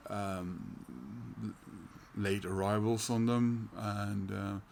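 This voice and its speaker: A middle-aged man chats about his record haul in a slow, unhurried voice that sits on the low side. He hesitates often, restarting phrases and filling gaps with little sounds. A faint hiss of background noise sits under the recording. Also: fairly even intonation, creaky, darkish tone. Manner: hesitant, many fillers and restarts, chuckles. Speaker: record collector vlogger. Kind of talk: casual record haul chat.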